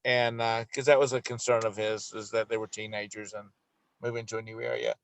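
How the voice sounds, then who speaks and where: A man's voice: on the low side, flat delivery, fairly quick. A man hosting a morning show, telling chatty stories and laughing along as he goes. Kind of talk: casual chat.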